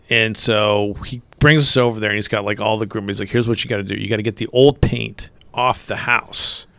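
Brief: low-pitched, gravelly middle-aged man, dry close sound, rambling profane anecdotes. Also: dry recording. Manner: rambling, profane, laughs mid-story, swings loud when quoting the angry coach. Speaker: podcast co-host. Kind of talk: casual storytelling chat.

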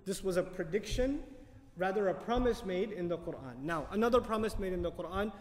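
A man lecturing on Quran commentary, animated, asking the audience questions and reciting Arabic verses quickly. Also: high voice, long reverb tail. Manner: animated, asks the audience questions and answers them. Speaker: Quran teacher.

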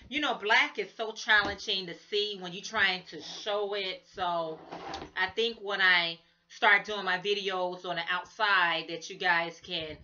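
A woman's voice: mid-range voice, pushed and bright, muffled recording. A woman hosting a crochet vlog, chatting casually and enthusiastically to viewers while showing her work, her voice a little worn. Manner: chatty, enthusiastic, addresses viewers as "guys" and "y'all". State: losing her voice. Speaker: crochet channel host. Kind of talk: casual show-and-tell vlog.

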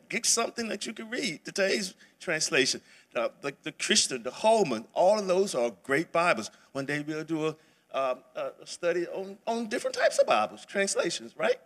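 A man's voice: fairly high pitch, a bit bright. A man teaching a church Bible study lesson in a casual, conversational way, with many fillers and restarts. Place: church sanctuary.

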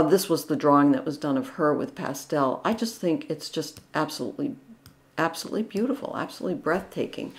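A middle-aged woman giving casual, enthusiastic commentary on paintings, with frequent restarts and gushing praise. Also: low-pitched. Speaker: art commentary vlogger.

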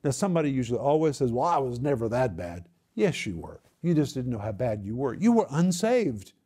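An older man teaching a sermon, earnest and emphatic, sometimes dropping to a hush. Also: medium pitch, very animated, a little fast, husky. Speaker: pastor teaching the Bible.

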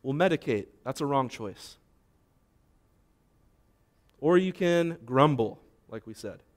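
A man's voice: mid-range voice, expressive, slow. A male pastor giving a conversational sermon, asking the room questions and acting out short imagined complaints. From United States.

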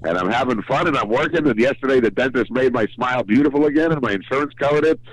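An older man calling in, chatting in a jolly, self-mocking way with quick asides. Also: medium pitch, no room sound, low-quality recording. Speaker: caller, working comedian. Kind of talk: casual phone chat.

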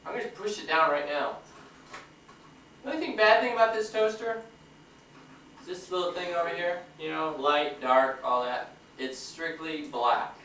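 Man, fairly high voice, joking home-movie narrator, roomy kitchen sound from a distance. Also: moderate pace, long pauses, pushed and bright. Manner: chatty, joking, explains each step. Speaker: home video maker. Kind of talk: casual narration to camera. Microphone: built-in mic of a 1994 home camcorder. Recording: roomy, distant, faint hiss.

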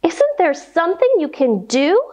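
A woman voicing a worried mother lioness with a baby cub, gentle and motherly. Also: very high voice, big pitch swings, normal speed, highs cut off, pitched above the performer's own voice.

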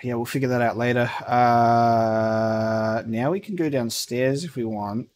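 A man talking through a horror game at a mid pitch, casual and loose. He swears often and reads in-game letters aloud. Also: steady tone, unhurried. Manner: swears often, laughs and shouts at scares. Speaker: gaming streamer. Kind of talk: casual let's play commentary.

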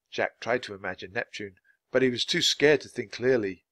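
A man reading a children's adventure book aloud, clear and steady for language learners. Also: mid-range voice, moderate pace, no room sound. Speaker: storybook reader.

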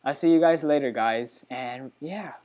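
A let's play host talks a little slowly at his computer, offering casual, excitable, chatty gameplay commentary. Sudden high squeals pop up in his delivery.

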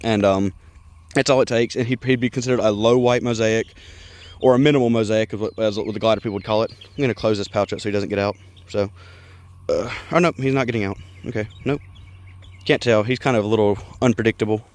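A man vlogging about his exotic pets, rambling on and chatting to the animals as he goes. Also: fairly low pitch. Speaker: exotic pet breeder and vlogger. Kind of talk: casual rambling vlog, walking around animal enclosures. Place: outdoors in a yard with animal pens, partly indoors at reptile tanks.

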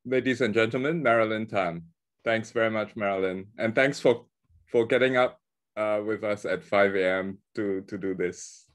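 Casual man emceeing a livestream reading. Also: lowish voice. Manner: casual, slightly halting thanks. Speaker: guest MC.

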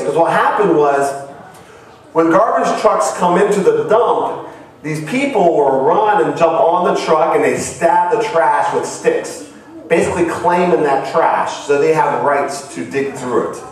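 A man's voice: fairly high pitch, expressive, unhurried. A missionary man from Ohio, preaching a sermon and telling stories earnestly, his voice rising to cries. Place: church hall. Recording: very echoey hall from far off.

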